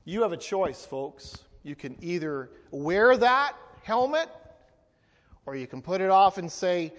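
High-voiced pastor preaching in a hall. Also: male voice, a little slow. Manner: lively, playful, asks the congregation to repeat lines. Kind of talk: sermon. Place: church hall. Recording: long hall reverb.

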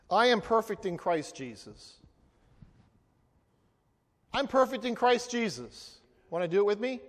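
High-voiced pastor preaching in a hall. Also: male voice. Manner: lively, playful, asks the congregation to repeat lines. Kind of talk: sermon. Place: church hall. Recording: long hall reverb.

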